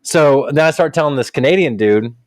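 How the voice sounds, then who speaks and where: A man's voice: on the high side, a little fast, no echo, clean studio sound. A young man, a podcast co-host, telling a long travel story in a casual, profane way and acting out the people in it. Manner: profane, animated retelling with quoted voices.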